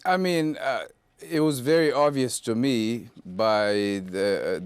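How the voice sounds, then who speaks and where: A man's voice: fairly low pitch, clean tone, dry recording. Indignant man recounting an encounter. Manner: indignant, retelling with quoted dialogue. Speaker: interview guest.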